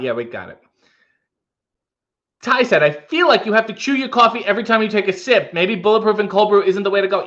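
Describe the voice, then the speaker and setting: A man's voice: high voice, lively intonation, brisk, bright, forceful tone, muffled recording. A man hosting a livestream in casual chat, reading out viewer comments with rambling, wry asides. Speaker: livestream host.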